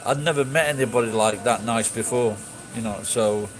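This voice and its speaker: A man talking off the cuff to his viewers, swearing freely and restarting his sentences as he goes. His voice sits at an ordinary middle pitch, and music plays clearly behind him. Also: moderate pace, low-quality recording. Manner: blunt, sweary, rambling with restarts. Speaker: streamer answering chat. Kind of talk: casual chat.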